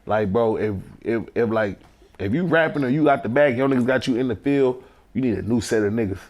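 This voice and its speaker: Rapper guest, thirties man from Houston, rapid blunt street talk. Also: medium pitch, a little mellow, dull audio. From Houston, Texas. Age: 30s. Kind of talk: casual interview chat.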